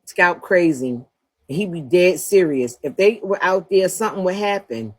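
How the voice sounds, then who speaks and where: A woman's voice: on the low side, lively intonation, measured pace, slightly rough. A woman hosting a livestream, talking bluntly and profanely in a trash-talking rant, breaking into laughter often. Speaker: livestream host.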